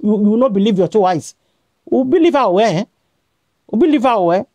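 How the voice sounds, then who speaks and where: A woman's voice: medium pitch, animated, brisk, mellow, no room sound, muffled recording. A woman with a Nigerian accent giving a scolding, repetitive rant straight to her vlog audience, switching between Pidgin and a local language. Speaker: vlogger. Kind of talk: scolding direct-to-camera rant.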